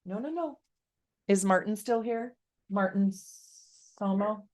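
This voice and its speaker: A woman's voice: mid-range voice, unhurried, a little mellow, no room sound. A woman astrologer giving casual live-stream chart readings, chatty and rambling, talking straight to her viewers from home.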